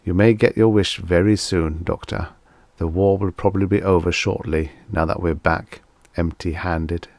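A man's voice: sits low, fairly even intonation, moderate pace, a little mellow, dry recording. A man playing a stern spaceship commander who speaks in clipped, curt orders. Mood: grim.

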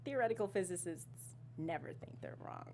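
A woman in her thirties from South Africa, a guest in an interview, talking in a casual, animated way and laughing often, with a slight South African twang in her speech. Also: fairly low pitch, brisk, heavy background noise. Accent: Canadian English with a slight South African twang. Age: 30s. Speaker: actress guest.

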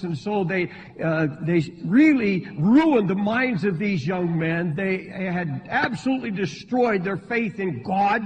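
A man preaches to his congregation in a high, ringing voice. His voice jumps sharply up in pitch and force whenever he voices pleading believers. The recording is dull and lo-fi, with a long reverb from a large sanctuary. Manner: preaching with sudden rises in pitch and volume, voicing pleading congregants. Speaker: pastor. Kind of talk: sermon. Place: church sanctuary.

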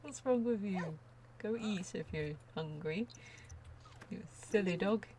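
A woman's voice: mid-range voice, unhurried, warm tone, slight background noise. A woman chatting casually through a gameplay session as a let's play host, laughing often and now and then dropping to a near whisper.

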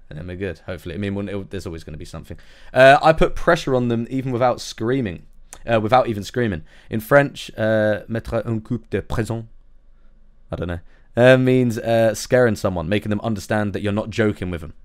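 A man with an English accent giving casual, profane reaction commentary on a song, often stumbling over French words. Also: lowish voice. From England. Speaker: music reaction host.

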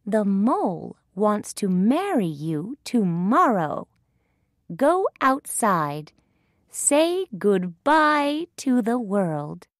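A woman's voice: medium pitch, big pitch swings, dry recording, clean studio sound. A woman reading a children's story, voicing a bossy, busy mouse. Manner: slow, instructing storybook delivery.

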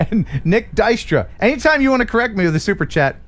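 A man's voice: high-pitched, big pitch swings, a little fast, fairly bright tone, a little hiss or hum. A man hosting a live stream, chatting and joking with a guest and reading viewer messages. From USA. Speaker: host.

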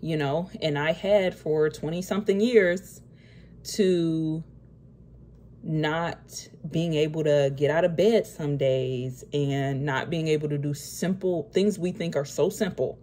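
A woman's voice: sits low, warm tone, slight background noise. Nervous, teary young woman vlogging. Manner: tearful, halting, many fillers. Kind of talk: emotional personal vlog.

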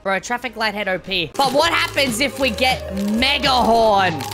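A woman giving excited, slangy reaction commentary on an animated clip, exclaiming dramatically as events unfold. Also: on the high side, measured pace. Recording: music playing behind the voice.

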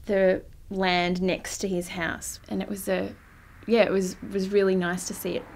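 A woman's voice: medium pitch, gravelly, darkish tone. A young woman shyly recalling a story in a documentary interview, with lots of fillers and restarts. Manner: hesitant, shy, many fillers and restarts. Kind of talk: documentary recollection.

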